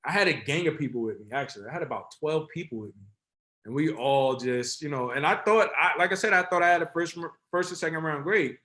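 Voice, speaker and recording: Man, New Jersey, 30s, animated storyteller, slangy, slightly high pitch. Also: quick pace. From Essex County, New Jersey. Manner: animated, rambling with slang and self-corrections. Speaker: guest, former pro football player. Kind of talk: casual storytelling.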